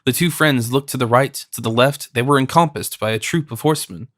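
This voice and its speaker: A man narrating an audiobook in a steady, even reading. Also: mid-range voice, brisk, no echo, studio quality. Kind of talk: scripted narration.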